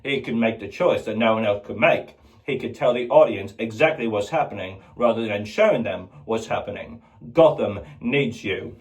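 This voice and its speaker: A man's voice: lowish voice, moderate pace. A man hosting his channel, chatting casually with rambling asides between his impressions.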